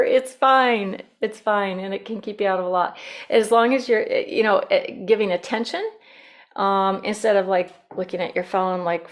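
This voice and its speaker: A woman's voice: medium pitch, steady tone, moderate pace. A woman presenting a workshop in a casual, demonstrative way, acting out sample phrases as she teaches. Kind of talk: instructional workshop talk.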